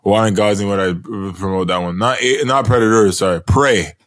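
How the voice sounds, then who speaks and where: Male podcast co-host, low voice, relaxed filler-heavy banter, dry mic. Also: moderate pace, no echo. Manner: laid-back, many fillers. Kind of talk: casual chat.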